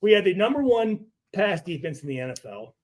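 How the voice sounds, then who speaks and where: A man telling profane, animated locker-room stories as a guest on a football chat show. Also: high-pitched, a little fast. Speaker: former pro football player guest. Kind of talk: storytelling in a podcast chat.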